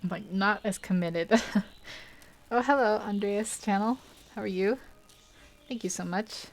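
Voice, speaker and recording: A woman's voice: medium pitch, unhurried. Chatty woman painting on a livestream. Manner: chatty, rambling, laughs often, self-deprecating. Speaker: art livestream host. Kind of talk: casual chat while digitally painting.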